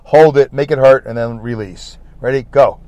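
A man's voice: medium pitch, fairly even intonation, moderate pace, a little mellow, no echo. A man with a Brooklyn accent hosting a rambling solo podcast, chatty, repetitive and self-deprecating. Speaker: podcast host. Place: in a parked car.

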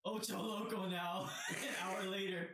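A man's voice: high voice, flat delivery, unhurried, recorded from a distance, crowd noise. A young man chatting casually and laughing at himself. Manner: laughing, self-mocking. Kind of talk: casual chat. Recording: echoey and off-mic with faint noise.

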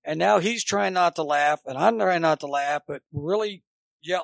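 Gravelly man telling sports stories. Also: a little high, normal speed, dry recording. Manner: chatty, animated storyteller. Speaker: guest, former college baseball coach. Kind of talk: rambling anecdotal storytelling.

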